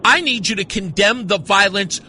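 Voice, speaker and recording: A man's voice: high voice, moderate pace, sharp tone, a little hiss or hum. A man hosting a call-in radio talk show, arguing insistently with a caller and repeating his points. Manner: insistent, argumentative, repeats himself. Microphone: studio mic.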